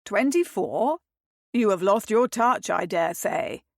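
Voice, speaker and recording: A woman's voice: mid-range voice, expressive, slow, gravelly, dry recording, studio quality, exaggerated voice. A woman voicing a teasing young aristocratic duke who drawls and mocks his friend, in a read romance novel. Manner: drawling, mocking.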